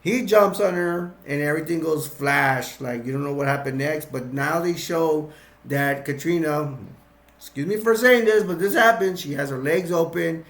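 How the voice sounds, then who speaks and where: A man's voice: fairly high pitch, moderate pace, fairly bright tone. A man casually recapping a film scene by scene, rambling, restarting his sentences and chuckling as he goes. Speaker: film reviewer. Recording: roomy echo.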